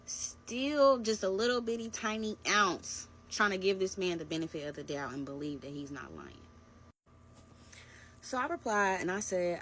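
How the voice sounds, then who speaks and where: Young woman vlogger, animated conversational storytelling, mid voice. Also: medium pitch, normal speed, a little hiss or hum. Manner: animated, conversational storytelling, addressing viewers as "y'all". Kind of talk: storytime vlog.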